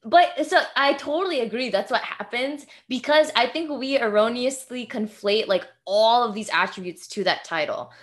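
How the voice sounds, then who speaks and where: A woman's voice: on the high side, normal speed, hardly any pauses. A woman in casual conversation who reflects aloud in long run-on sentences. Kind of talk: casual chat.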